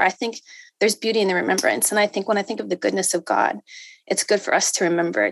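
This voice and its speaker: A woman in her thirties giving a personal faith testimony to a group, emotional and halting, with many fillers and restarts. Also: medium pitch, vocal fry, no room sound. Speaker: speaker sharing a testimony.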